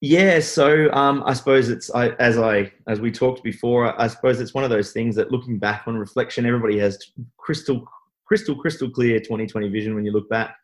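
A man's voice: medium pitch, brisk, poor audio. A man, a podcast guest telling a personal story in a rambling way with many restarts. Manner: rambling, full of restarts and fillers. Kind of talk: interview storytelling.

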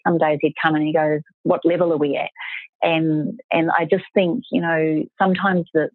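A woman's voice: sits low, gravelly, husky, no room sound. A middle-aged woman, an author, telling stories earnestly as an interview guest, with emphatic restarts. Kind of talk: reflective storytelling in an interview. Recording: phone-like call audio.

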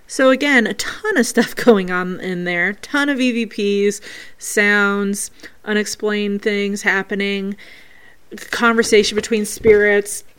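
A woman's voice: mid-range voice, steady tone, takes it slowly, a bit bright, clean tone. A woman hosting a paranormal show, earnestly reading out a listener's ghost recording and breaking down each sound step by step.

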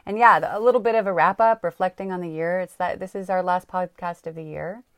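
Chatty woman podcast cohost, low voice, dry close sound, laughs a lot. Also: fairly even intonation, no room sound. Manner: chatty, laughs often, talks in quick bursts. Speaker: podcast co-host. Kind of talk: casual chat.

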